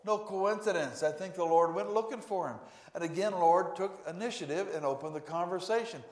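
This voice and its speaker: A male pastor delivering a sermon in a church, preaching emphatically with sudden loud swells. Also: sits high, a little fast. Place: church sanctuary. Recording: echoey church room.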